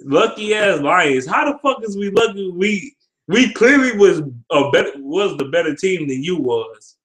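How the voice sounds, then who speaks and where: A man rants through his football picks in a fairly high voice, cursing freely as he trash-talks. His delivery is casual and animated, with laughter breaking into the rant. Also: moderate pace. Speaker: sports vlogger. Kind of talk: casual trash-talk commentary.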